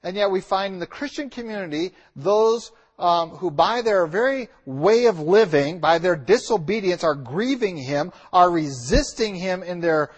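A male preacher with a high voice delivers a sermon straight to the congregation. He talks directly and emphatically, slowing down and leaning hard on the words he wants to stick. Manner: emphatic, repeats key lines with slow stressed words. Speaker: pastor.

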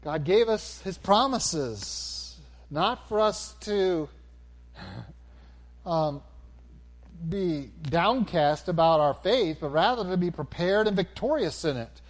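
Man preaching a sermon, high voice, very lively pitch, animated delivery. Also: takes it slowly. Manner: animated, rising to near-shouts in acted quotes, then calm and low.

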